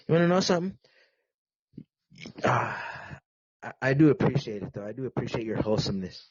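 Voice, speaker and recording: Husky crude-talking podcast host man. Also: mid-range voice, lively intonation, fairly quick, long pauses, no room sound, dull audio. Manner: crude, rambling, many restarts, teasing. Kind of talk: casual rambling podcast rant.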